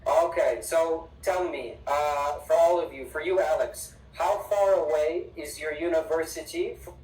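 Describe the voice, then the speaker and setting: An English teacher giving an online class, upbeat and emphatic, repeating words slowly for the students. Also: medium pitch, a little mellow. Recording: echoey room, distant mic.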